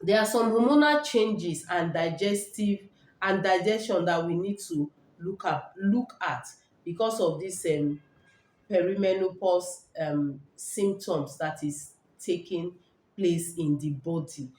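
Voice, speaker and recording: A woman's voice: lowish voice, slow pace, a little mellow. A middle-aged Nigerian woman hosting a casual health talk, repeating points emphatically and checking in with "all right?". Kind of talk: casual live talk to viewers. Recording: echoey room.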